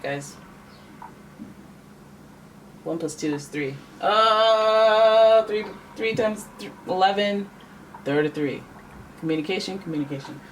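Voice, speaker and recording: Chatty tarot reader, slightly distant mic. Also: mid-range voice. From Canada. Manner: chatty, joking, thinks aloud and corrects itself. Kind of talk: casual tarot reading to camera. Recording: voice a little far from the mic, faint background noise.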